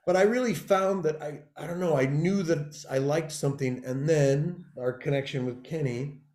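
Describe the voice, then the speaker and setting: A man's voice: on the high side, moderate pace. A middle-aged man from California, a guest telling stories in a casual interview and acting out the people he quotes. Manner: animated storyteller who acts out quoted people. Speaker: guest, TV showrunner and actor. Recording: roomy echoey room sound.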